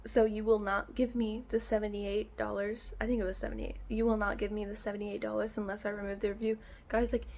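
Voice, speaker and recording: A woman's voice: mid-range voice, little pitch movement, fairly quick, vocal fry, few pauses, darkish tone, slight background noise. A young woman vlogger telling a storytime in an exasperated, ranting way, acting out the phone calls she recounts. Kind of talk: storytime vlog.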